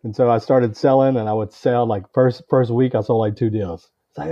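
A man who used to teach, now in sales, tells a personal story as a podcast guest in casual, lively talk, acting out the dialogue and swearing freely. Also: mid-range voice, moderate pace, few pauses, lo-fi sound. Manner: animated, acts out quoted dialogue, swears freely.

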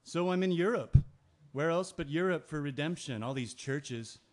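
A man's voice: fairly high pitch, lively intonation, normal speed, natural voice. An actor playing a depressed, grieving man reading his musing letter from a trip, in an audio drama. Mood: wistful.

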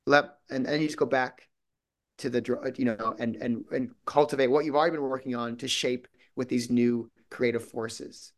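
Male guest actor, mid-pitched, loose rambling delivery full of restarts. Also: fairly even intonation, moderate pace. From Minnesota. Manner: rambling, many restarts and quoted asides. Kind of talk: casual interview chat.

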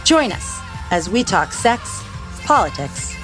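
A woman's voice: medium pitch, big pitch swings, takes it slowly. Woman reading an upbeat podcast promo. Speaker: podcast host. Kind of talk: scripted promo narration. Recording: faint music behind.

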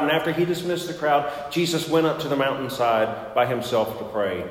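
A man preaches in a chatty, storytelling way, stumbling over fillers and restarting his phrases. His mid-pitched voice rings out through a large church sanctuary with a long, echoing reverb. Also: fairly quick, hardly any pauses. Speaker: pastor. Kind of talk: sermon with personal story.

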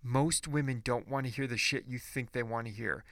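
A man's voice: mid-range voice, steady tone, normal speed, creaky, a bit bright, dry recording, clean studio sound. A man ranting in a casual monologue podcast, blunt and profane, preachy and rambling with restarts.

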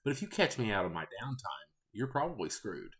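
A man with a fairly low voice tells offhand stories in a loose, rambling way. His pitch rises and falls a lot as he goes. He sounds deadpan and candid, a podcast host in his thirties. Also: a little fast. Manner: candid, rambling, deadpan about odd customers. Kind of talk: casual storytelling monologue.

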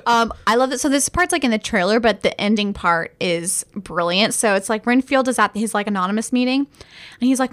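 Chatty higher-pitched woman retelling movie scenes. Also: fairly quick. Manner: animated, retells scenes with quoted lines and laughter. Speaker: podcast co-host. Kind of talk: casual movie review chat.

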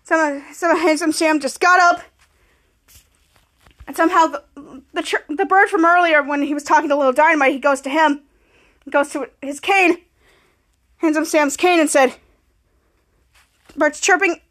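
Woman, very high voice, podcast host, excited scene-by-scene recap. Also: normal speed, pauses often. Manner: excited, retelling scenes and quoting lines. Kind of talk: casual episode recap.

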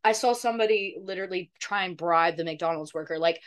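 A woman's voice: on the low side, brisk, few pauses. A young woman co-hosting a casual podcast, telling stories animatedly with swearing and playful voice impressions. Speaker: podcast co-host. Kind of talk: casual chat.

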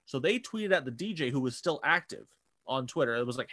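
A man's voice: medium pitch, lively intonation, a little fast, fairly bright tone, dry recording. A young man co-hosting a podcast, recapping online drama in a casual, rambling way with many fillers and restarts. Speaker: podcast co-host. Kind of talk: casual chat.

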